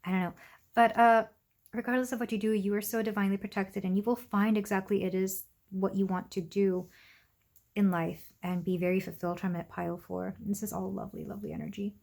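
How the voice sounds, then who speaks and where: Young woman, tarot reader, gentle chatty delivery full of ums and asides. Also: medium pitch, flat delivery, fairly quick, gravelly. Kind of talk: casual pick-a-card tarot reading.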